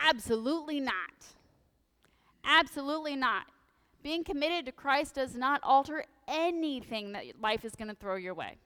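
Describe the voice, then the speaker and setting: A woman priest giving a lively, humorous sermon in a church, full of animated, sarcastic asides. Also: mid-range voice, clear, resonant tone, big-room sound. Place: church sanctuary.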